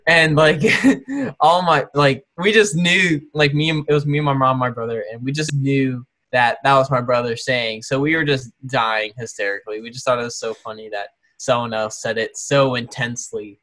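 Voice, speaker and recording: A man with a bright, slightly tense voice co-hosts a casual podcast chat. He rambles loosely through a story, full of fillers, and slips into imitations of the people in it. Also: mid-range voice, moderate pace, hardly any pauses. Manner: relaxed storytelling with fillers and mimicry. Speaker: podcast co-host.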